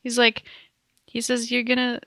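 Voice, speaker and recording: A woman's voice: fairly high pitch, completely flat delivery, moderate pace, a bit bright, dry recording, studio quality. A woman co-hosting a podcast, chatting casually and laughing often. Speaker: podcast co-host. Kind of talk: casual chat.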